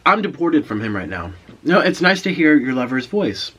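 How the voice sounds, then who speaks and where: A man in his twenties telling a casual story on camera while he eats, pausing to savour his food. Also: mid-range voice, breathy edge. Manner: animated storyteller, pauses to eat and savour food. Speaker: mukbang vlogger.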